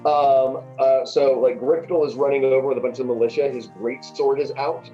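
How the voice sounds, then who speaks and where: Male game master, dark mellow tone, lo-fi stream audio. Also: mid-range voice, steady tone, moderate pace, soft background music. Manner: descriptive, with fillers. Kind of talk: narrating a tabletop game.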